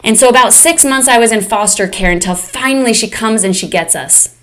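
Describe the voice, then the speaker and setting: Candid woman coach, slightly high voice. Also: brisk, a bit bright. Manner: candid, emotional, speaks directly to "you guys". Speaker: fitness and mindset coach. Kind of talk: live online coaching session.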